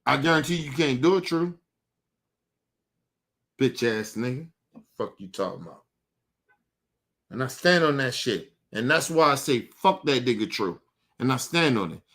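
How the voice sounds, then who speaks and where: A man's voice: medium pitch, sing-song, moderate pace, long pauses, a bit bright. A man delivering an angry, profane monologue to his audience, repeating himself and challenging his target directly. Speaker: show host.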